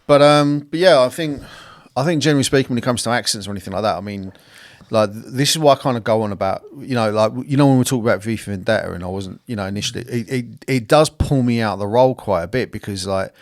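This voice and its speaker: A man's voice: medium pitch, quick pace, few pauses, no room sound. A man co-hosting a casual film podcast, blunt and sweary, rambling with lots of fillers. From second-generation Irish. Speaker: podcast co-host.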